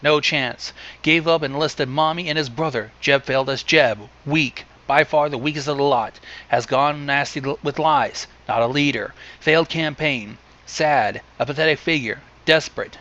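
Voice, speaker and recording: A man reading a long list aloud in a plain deadpan way, adding dry asides now and then. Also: on the high side, normal speed, hardly any pauses, muffled recording. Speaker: reader.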